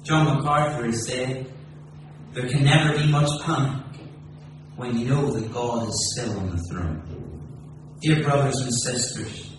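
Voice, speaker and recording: A man preaching a sermon with passion, swinging from loud exclamation to low, slow emphasis. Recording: echoey room from far off with noise.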